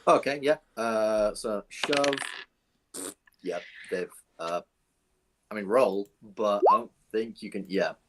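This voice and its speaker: A man narrating as dungeon master, relaxed and descriptive, thinking aloud with fillers. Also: lowish voice, slow, a little hiss or hum. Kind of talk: narrating a tabletop game.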